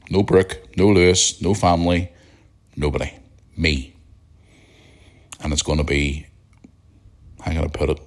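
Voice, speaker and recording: A middle-aged man with a Northern Irish accent and a very low, croaky morning voice talks straight into a podcast mic. He rambles along in a blunt, chatty way, as if telling listeners about his week. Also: darkish tone. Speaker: podcast host. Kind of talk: casual solo podcast chat.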